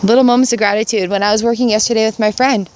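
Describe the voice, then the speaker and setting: Speaking very fast with a fairly high pitch and fairly even intonation, a middle-aged vlogger shares a casual gratitude video from her yard outdoors. She stays earnest and upbeat and repeats phrases to stress them.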